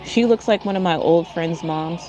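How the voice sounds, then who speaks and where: Low-voiced woman giving blunt commentary. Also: moderate pace, noisy background. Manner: blunt, opinionated, talks while snacking. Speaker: livestream host. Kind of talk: casual watch-party commentary.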